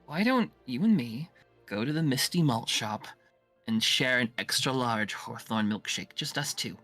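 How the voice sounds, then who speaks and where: A man voicing a sweet young character who gently coaxes a nervous sweetheart into a date. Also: mid-range voice, animated, measured pace, soft background music. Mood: coaxing.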